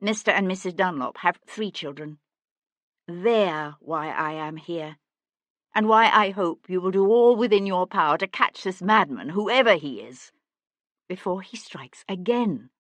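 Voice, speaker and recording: A woman narrator voicing a composed, earnest young gentlewoman in an audiobook, speaking in a measured, pleading way. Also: on the low side, lively intonation, no echo.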